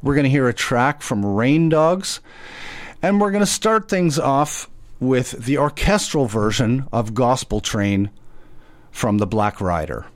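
Slow-talking male radio DJ. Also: medium pitch, animated. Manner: rambling, chatty, self-correcting with small laughs. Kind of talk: casual radio show chat.

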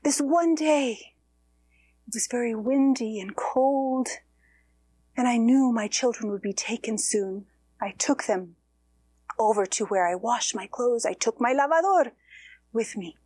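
Speaking in the first person as a weeping ghost mother who lost her children, a woman tells her story slowly and sorrowfully, with sighs and soft whispers. Her voice is a little high, and there's no room sound.

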